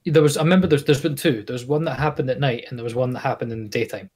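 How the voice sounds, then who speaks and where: A man co-hosting a podcast who chats casually and tells stories in a relaxed way. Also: medium pitch, racing, slightly rough. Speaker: podcast co-host. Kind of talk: casual chat.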